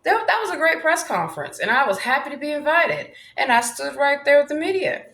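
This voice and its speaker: A woman's voice: high voice, sing-song, a little fast, fairly bright tone, reverberant. Brash, swaggering woman vlogger. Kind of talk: rambling monologue vlog.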